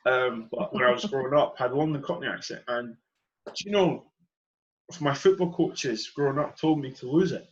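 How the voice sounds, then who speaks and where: A man's voice: medium pitch, moderate pace, dull audio. A young man hosting a podcast who talks earnestly and with passion, stressing and repeating his key points. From Edinburgh, Scotland. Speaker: podcast host. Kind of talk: earnest conversational monologue.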